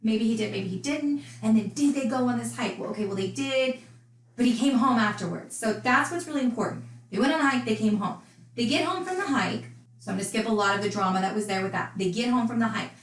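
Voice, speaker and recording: A woman's voice: fairly high pitch, fast talker, echoey room, rough recording. A woman casually recounting a true crime case, chatty and indignant in her asides.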